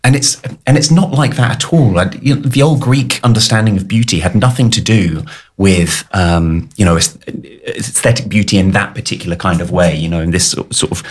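A man's voice: deep voice, fairly quick, breathy edge. A man chatting casually about his photography work, enthusiastic, with stammering restarts. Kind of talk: casual chat.

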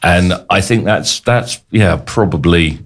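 Low-voiced man in his forties, hesitant reflective talker. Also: slow pace. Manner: hesitant, thoughtful, many ums. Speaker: guest. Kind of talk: casual chat.

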